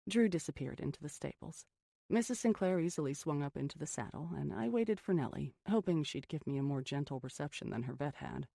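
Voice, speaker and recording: An expressive audiobook narrator tells a first-person gothic story with a lively, rising and falling delivery. The voice is gravelly and husky with creaky edges. It is recorded close and dry, with no room sound. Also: mid-range voice, brisk, no echo. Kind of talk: scripted narration.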